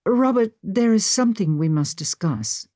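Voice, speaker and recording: A woman's voice: medium pitch, lively intonation, normal speed, mellow, no echo, clean studio sound, voice pushed up, lightly acted. A woman narrator voicing an earnest, heartfelt young duchess in an audiobook, her voice rising and falling expressively.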